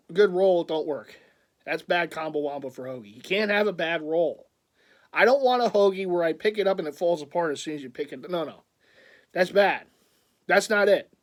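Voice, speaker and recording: A man chatting casually in a vlog, rambling and excitable, laughing often. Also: high-pitched. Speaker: vlogger.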